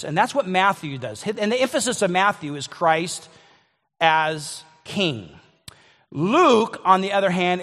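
A man's voice: sits high, a bit bright, long reverb tail. A man preaching a sermon in a conversational way, often restarting and repeating words as he thinks aloud. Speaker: pastor.

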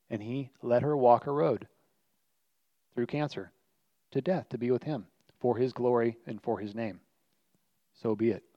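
A man's voice: mid-range voice, no room sound. A man preaching a sermon as pastor, earnest and emphatic, repeating his key lines for weight. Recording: dry, slightly muffled recording.

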